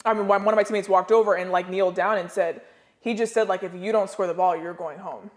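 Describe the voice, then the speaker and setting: American woman on a podcast, slangy, acts out voices, mid pitch. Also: fairly even intonation, quick pace. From United States. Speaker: podcast guest, former pro basketball player. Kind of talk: casual storytelling interview.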